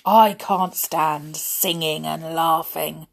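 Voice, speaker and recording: A woman's voice: fairly low pitch, slow, exaggerated voice. Woman putting on a grumpy complaining man. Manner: gruff, grumbling outbursts.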